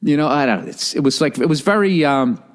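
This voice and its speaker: A man in his forties delivers a comedic podcast rant, full of sarcasm and swearing. His voice sits a little on the high side for a man, and he talks in an animated way. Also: fairly quick. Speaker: podcast host.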